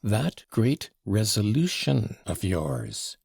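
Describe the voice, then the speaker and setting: A man voicing the devil in an audiobook, a fawning gentleman visitor who mocks in mock-polite, ingratiating tones. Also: lowish voice, huge pitch swings, slow pace, gravelly, slightly rough, dry recording, exaggerated voice. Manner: mocking, fawning, mock-polite, with French flourishes. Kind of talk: audiobook character reading.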